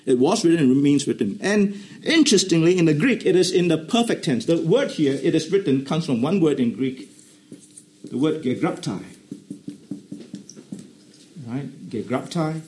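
A man preaching a sermon, emphatically repeating key phrases, explaining Greek grammar in a teaching tone, and dropping into quiet asides. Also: a little high, animated, brisk.

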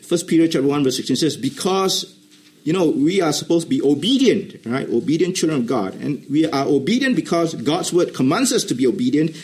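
A man preaching a sermon, emphatically repeating key phrases, explaining Greek grammar in a teaching tone, and dropping into quiet asides. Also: on the high side, expressive, a little fast.

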